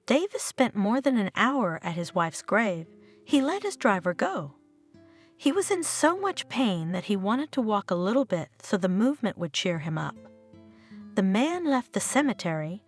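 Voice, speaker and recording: A woman narrating a scripted story in a steady storybook reading manner. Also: mid-range voice. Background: faint guitar music.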